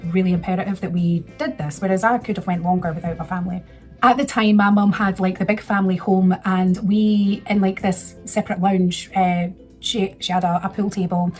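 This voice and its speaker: A woman in her thirties chats through a personal story, rambling and restarting, getting emotional as she goes. Her voice sits at an ordinary middle pitch. Faint music plays in the background. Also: darkish tone. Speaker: vlogger. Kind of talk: casual storytelling.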